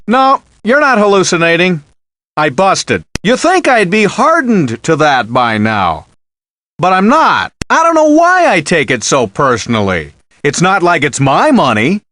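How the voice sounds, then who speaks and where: A man's voice: fairly high pitch, fairly bright tone, full character voice. An actor playing a sarcastic male blackjack dealer in a video game, teasing the player with one-liners.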